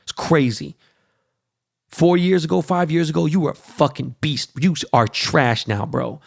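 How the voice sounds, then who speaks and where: Gravelly, profane male podcast host. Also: on the high side, measured pace, no room sound, clean studio sound. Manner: profane, animated sports rant. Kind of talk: casual podcast rant.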